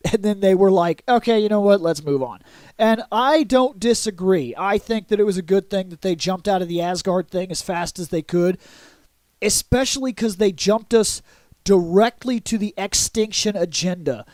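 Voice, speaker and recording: Excitable man reviewing comics, dry sound. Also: sits high, normal speed, no echo. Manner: excitable, adds sound effects and acts out quotes. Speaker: comic book vlogger.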